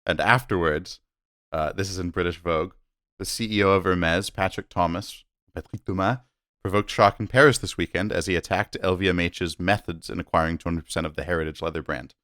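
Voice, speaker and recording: A man hosting a podcast, chatting in an animated, amused way. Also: sits low, fast, no room sound, clean studio sound. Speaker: podcast host. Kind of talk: casual podcast chat.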